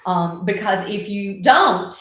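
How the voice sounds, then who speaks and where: A woman, a guest telling stories in a casual interview, animated and full of ums. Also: medium pitch, slow pace, heavy reverb. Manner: animated storyteller with many ums. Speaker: guest, author and actor.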